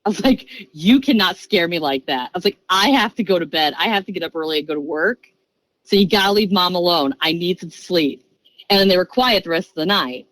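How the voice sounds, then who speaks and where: A woman in her thirties, a podcast guest telling a story in a casual, chatty way, jumping into quick bursts and acting out the voices she quotes. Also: lowish voice, no echo, low-quality recording. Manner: animated, acts out voices and quoted lines.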